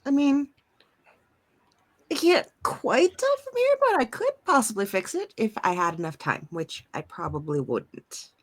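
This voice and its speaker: A woman's voice: a little high, very animated, a little slow. A woman playing a tabletop role-playing game, thinking aloud with hesitant fillers. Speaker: player. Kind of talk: tabletop role-play chat.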